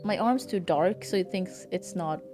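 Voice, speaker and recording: A woman's voice: fairly low pitch, normal speed, over music. A woman streamer chatting casually and reading game text aloud, chatty and self-mocking.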